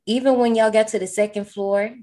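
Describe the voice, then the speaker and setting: A woman's voice: mid-range voice, fairly even intonation, a little fast, warm tone. A woman co-hosting a podcast, recapping a horror film in a casual, slangy way and laughing often. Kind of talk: casual chat.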